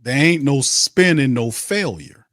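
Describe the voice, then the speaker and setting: On a sports podcast, a male host delivers a blunt, heated, profane rant that keeps hammering the same points. His medium-pitched voice is a bit bright, with lively intonation and a measured pace, captured in a dry, studio-quality recording.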